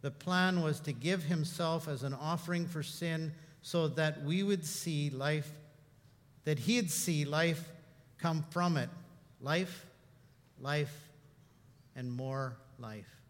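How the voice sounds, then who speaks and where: Guy preaching a sermon, high bright voice, storytelling, goes from hushed to animated, big echoey hall. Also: slow. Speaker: pastor.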